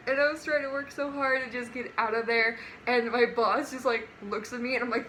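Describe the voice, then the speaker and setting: Young female vlogger, chatty and giggly storyteller, slightly high and bright tone. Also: steady tone, brisk, few pauses, slight background noise. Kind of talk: casual storytime.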